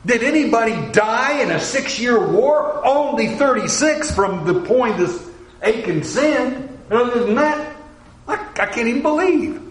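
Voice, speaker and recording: A male preacher delivers his sermon with a high, very animated voice that leaps up and drops suddenly to a hush as he acts out quoted voices. The recording carries a roomy echo around him. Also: a little slow.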